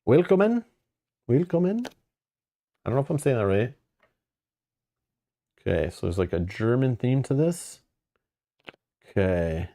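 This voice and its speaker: Mellow low-voiced man hosting a card game. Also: expressive, slow pace, creaky, long pauses, no room sound, studio quality. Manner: casual, loose, many fillers. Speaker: host. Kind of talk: reading and narrating a card game campaign.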